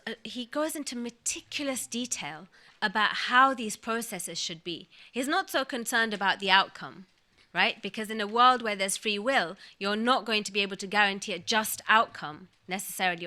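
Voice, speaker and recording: A woman's voice: mid-range voice, bright, forceful tone. A woman giving a lecture on scripture to a gathering, explaining each verse with emphasis and reciting short Arabic passages. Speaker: religious speaker. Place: mosque or community hall.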